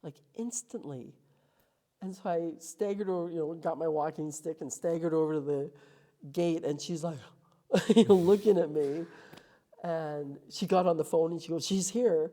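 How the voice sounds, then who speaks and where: A middle-aged woman, an interview guest, tells her life story in a low, mellow, warm voice at normal speed. Emotional and vivid, she slips into acted quotes as her memories carry her along.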